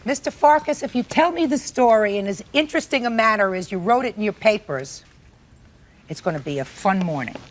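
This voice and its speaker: A woman presiding as judge in a courtroom, brisk, commanding and wry as she runs the hearing. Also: mid-range voice, expressive. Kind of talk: courtroom proceedings.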